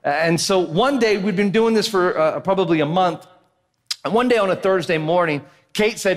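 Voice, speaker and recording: A man in his thirties preaching a sermon as pastor, telling a funny family story in an animated, joking way and often asking the crowd "right?". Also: sits high, brisk. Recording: long hall reverb of a church.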